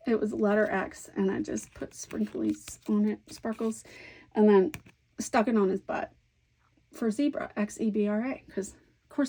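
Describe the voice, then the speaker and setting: A woman in her fifties chatting casually about her craft projects, rambling and animated and laughing easily as she tells a story. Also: fairly high pitch. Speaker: scrapbooking vlogger.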